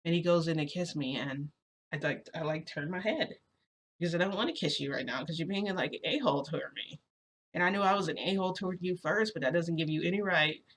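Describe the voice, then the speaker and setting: A woman's voice: deep voice, fast talker, a bit bright, slight background noise. A woman telling a story in a casual vlog, rambling and earnest, full of fillers and restarts. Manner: earnest, a little agitated.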